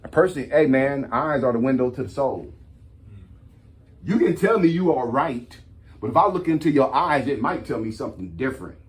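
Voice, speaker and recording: A man hosting a casual talk, reading points from a list and breaking off into animated, slangy stories told straight to his audience. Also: mid-range voice, normal speed. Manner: animated storytelling, slangy, addresses audience as y'all. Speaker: host.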